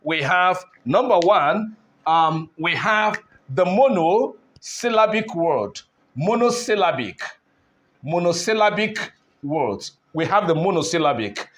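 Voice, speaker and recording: At a board, a man teaches an English lesson, speaking deliberately, repeating key words and posing rhetorical questions. His voice sits high and sounds expressive and a bit bright.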